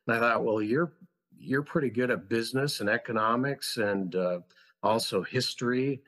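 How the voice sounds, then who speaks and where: A man's voice: medium pitch, moderate pace, a bit bright. A man who founded a school, a guest on a podcast, telling his story in an earnest, passionate, reflective way. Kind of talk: conversational storytelling.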